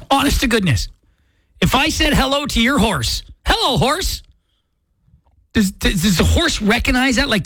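A male morning-show host rambles in a self-deprecating way, restarting his sentences as he goes. His pitch moves a lot, and the studio mic gives a close, dry sound. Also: a bit bright, no echo. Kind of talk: casual radio chat. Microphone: studio microphone.

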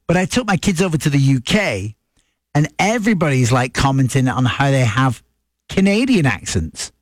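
A man's voice: a little high, normal speed, dry recording, clean studio sound. A man, telling a chatty story to his viewers. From north of England. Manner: chatty, anecdotal, animated when quoting people. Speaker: vlogger. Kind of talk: casual chat to camera.

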